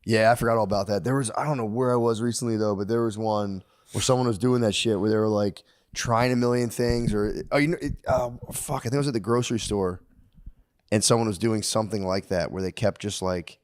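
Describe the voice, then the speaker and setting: A man's voice: fairly low pitch, steady tone, a little fast. A man in his thirties, a comedian co-hosting a podcast, telling rambling, exasperated stories with a lot of swearing. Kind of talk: casual profane banter.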